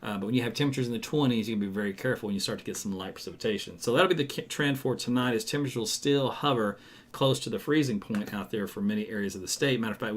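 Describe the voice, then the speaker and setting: Chatty weatherman on a livestream. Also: medium pitch. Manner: chatty and loose, many fillers, jokes with viewers. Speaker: meteorologist hosting a live weather stream. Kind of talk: casual live weather forecast.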